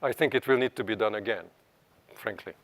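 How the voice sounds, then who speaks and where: A man giving a scientific seminar lecture in an animated way, often checking in with tag questions. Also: on the low side, a little fast, creaky. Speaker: seminar speaker.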